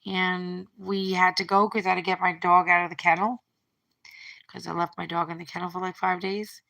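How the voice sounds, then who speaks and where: A woman's voice: on the low side, little pitch movement, normal speed, creaky, pushed and bright. A middle-aged woman talking through a breakup on a phone livestream, rambling and repeating her words as she retells what was said. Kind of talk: emotional personal monologue.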